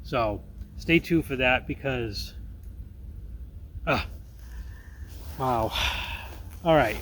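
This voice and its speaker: A man's voice: mid-range voice, drawn-out words, long pauses, fairly bright tone, slight background noise. A middle-aged man filming an outdoor vlog in the woods, earnest and upbeat as he talks to viewers, with faint outdoor sound behind him. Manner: upbeat, earnest, often says folks. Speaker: outdoor vlogger. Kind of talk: casual talk to camera.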